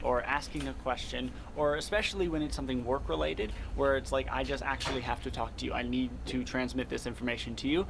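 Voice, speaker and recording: A man's voice: mid-range voice, quick pace, gravelly, few pauses. A man from the Midwest talking in a casual, rambling vlog monologue, earnest and often laughing at himself. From American Midwest. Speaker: vlogger. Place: moving around a home, partly from the kitchen. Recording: background noise with vehicle ambience.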